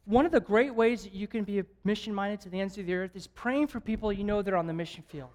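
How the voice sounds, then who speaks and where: Animated male evangelist telling stories. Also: high-pitched, fast talker. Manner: animated storyteller, jokes and chuckles often. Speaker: guest evangelist. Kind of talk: lively sermon with stories. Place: church service.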